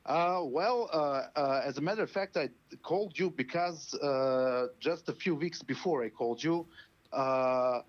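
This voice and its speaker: A man's voice: fairly high pitch, a little slow. A man, a caller chatting casually and laughing, with many fillers. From Serbia. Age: 40s. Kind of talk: casual phone call chat. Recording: dull lo-fi phone line.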